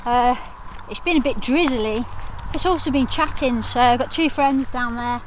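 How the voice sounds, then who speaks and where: Chatty woman hiking vlogger, slightly high voice, faint outdoor noise behind. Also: normal speed. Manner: chatty, upbeat, laughs often. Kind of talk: casual vlog to camera.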